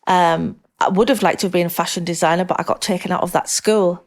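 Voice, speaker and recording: A middle-aged woman with a Northern English accent talks as a podcast guest in a casual interview. Her voice sits on the low side, and her talk rambles with restarts and frank asides, broken up by easy laughter. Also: steady tone, quick pace. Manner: rambling, candid, laughs easily.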